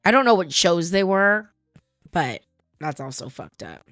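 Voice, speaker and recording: A woman's voice: fairly low pitch, sing-song, a little slow, a bit bright, no room sound, clean studio sound, faint music behind. A woman hosting, commenting casually and chattily, with frequent asides and swearing. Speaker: host.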